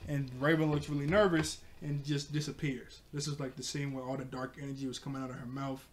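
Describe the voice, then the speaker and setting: A man's voice: medium pitch, little pitch movement, brisk, a little hiss or hum. A young man casually recapping a cartoon episode, rambling with lots of fillers and frequent laughs. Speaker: show reviewer.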